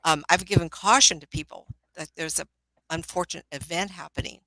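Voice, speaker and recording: A woman's voice: lowish voice, fairly even intonation, brisk, pushed and bright, dry recording, low-quality recording. An older woman working as a psychic medium, giving readings in a casual, chatty, motherly way on a live stream. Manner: chatty, motherly, calls people honey.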